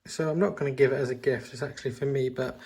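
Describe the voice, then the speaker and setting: A man with a hoarse voice, chatting eagerly through a casual home haul vlog. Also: medium pitch, fairly even intonation, fast, a little mellow. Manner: chatty and eager, with frequent ums. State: hoarse, recovering from laryngitis. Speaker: vlogger. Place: at home, indoors.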